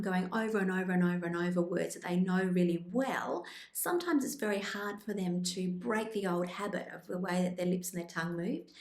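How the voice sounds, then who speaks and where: A woman speech pathologist presenting tips in an instructional video, with a calm, clear explanatory delivery. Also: medium pitch, echoey room. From Australia.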